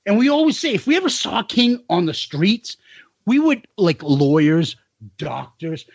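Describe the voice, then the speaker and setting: Middle-aged male podcast co-host, high and lively, laughs a lot, swears freely. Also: a little slow, gravelly, breathy edge, no echo. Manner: laughs through his stories, profane and animated. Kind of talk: casual chat, storytelling.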